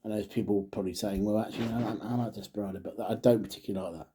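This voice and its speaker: A middle-aged man talks casually as he reviews drinks, rambling through jokey asides and muttered half-sentences. His voice sits fairly low, with a mellow, dark tone and a husky edge. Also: steady tone, rapid-fire. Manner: mutters and trails off. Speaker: father. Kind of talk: casual chat to camera.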